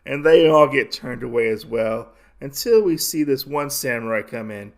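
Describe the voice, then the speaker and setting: A young adult man chatting through a comic recap, full of "uh" and restarts. His pitch sits in the middle. The delivery is casual. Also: expressive, moderate pace, gravelly. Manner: rambling, many fillers. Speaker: podcast host.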